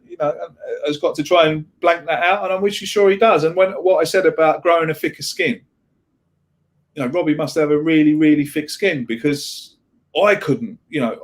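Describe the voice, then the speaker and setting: A man chats on a podcast with a slightly high voice. He rambles, repeats words as he restarts his sentences, and swears casually. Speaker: podcast co-host. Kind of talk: casual chat.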